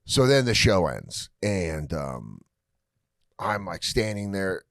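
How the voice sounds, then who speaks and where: A man's voice: low voice, takes it slowly, creaky, no room sound, studio quality. A man, a comedian guest on a podcast, telling road stories in casual chat and acting out hecklers' voices. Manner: animated, acts out hecklers' voices.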